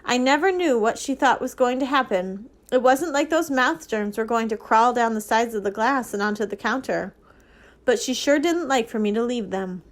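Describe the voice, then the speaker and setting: A woman, a librarian, reading a children's novel aloud in a steady, expressive way. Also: fairly high pitch, moderate pace. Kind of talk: storybook reading.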